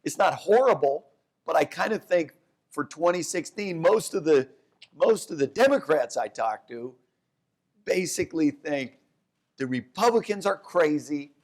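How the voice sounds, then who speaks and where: Animated man in a live onstage talk. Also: a little slow. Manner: animated storyteller, jumps to high voices for quotes; restarts and self-corrections. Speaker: economics professor, guest. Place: downtown event hall with live audience.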